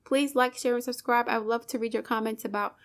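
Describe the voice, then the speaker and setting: A woman's voice: fairly high pitch, steady tone, fast talker. Fired-up woman preaching commentary. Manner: emphatic, preachy, rhetorical questions, swears. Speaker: channel host, commentator. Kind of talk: impassioned commentary monologue.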